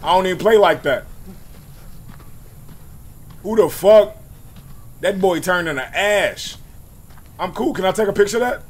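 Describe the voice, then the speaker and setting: A man hosting his gaming channel, giving jumpy, loud commentary on a horror game, swearing and yelling at every scare, his voice hoarse from screaming. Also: high-pitched, lively intonation, measured pace, pauses often.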